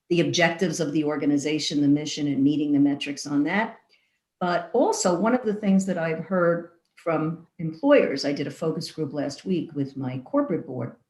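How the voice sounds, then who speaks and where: A woman guest in an interview who answers in a thoughtful, measured way and builds long lists of ideas. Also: low-pitched, a little mellow. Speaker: guest leader. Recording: echoey room.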